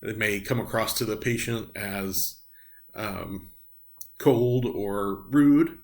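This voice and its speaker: A man's voice: fairly low pitch, takes it slowly. A middle-aged man giving a recorded nursing lecture, explaining step by step with frequent ums and uhs. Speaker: nursing instructor.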